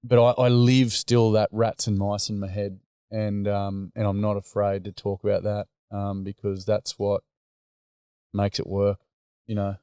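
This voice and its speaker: Mellow, smooth-voiced Australian man. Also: on the low side, little pitch movement, a little slow, dry recording, clean studio sound. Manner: earnest, plain-spoken, rambling with many fillers. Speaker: guest, men's group leader. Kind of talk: casual conversation.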